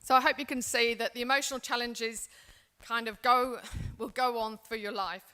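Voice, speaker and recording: A woman's voice: fairly high pitch, fairly even intonation, normal speed, sharp tone. A woman from England presenting a seminar, speaking in an earnest, reflective way with frequent restarts. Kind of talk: seminar talk.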